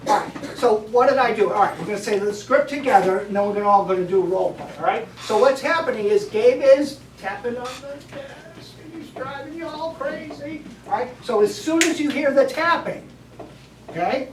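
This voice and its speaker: A woman's voice: fairly high pitch, lively intonation, normal speed, crowd noise. Woman teacher coaching a class. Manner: directive, coaching a group through steps. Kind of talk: classroom instruction. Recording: echoey classroom from far off.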